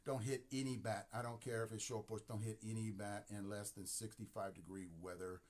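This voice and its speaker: A man's voice: lowish voice, steady tone, fairly quick, a little mellow. A man in his sixties hosting a casual live stream who rambles, talks emphatically and repeats himself. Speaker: host.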